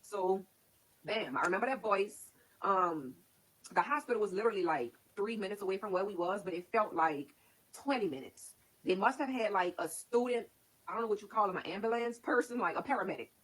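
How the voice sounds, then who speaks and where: Through a low-quality streaming setup comes a woman's medium-pitched, fairly bright, slightly rough voice, expressive and fairly quick. She tells her stream viewers her own life story in a candid, rambling way, filling it with "like".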